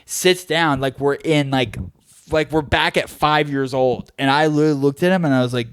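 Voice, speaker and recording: A young man co-hosting a podcast, telling stories in a loose, animated way, leaning on "like" and "dude" as fillers. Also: medium pitch, brisk, clear, resonant tone, no room sound, studio quality. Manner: animated storyteller, heavy filler use of "like" and "dude". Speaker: podcast co-host. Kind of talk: casual chat.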